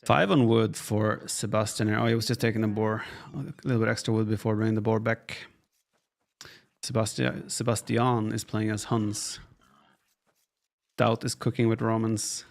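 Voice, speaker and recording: Gravelly-voiced man casting a game stream. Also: fairly low pitch, moderate pace. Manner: relaxed, thinks aloud, reads chat questions aloud. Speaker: esports caster and streamer. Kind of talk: casual live-stream game commentary. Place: home office.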